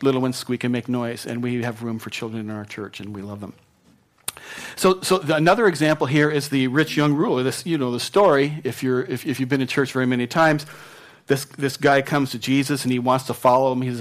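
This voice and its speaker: A male pastor delivering a sermon in a relaxed, conversational manner. He stumbles over and repeats words and keeps checking in with the congregation. His voice sits at an ordinary middle pitch. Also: a little fast.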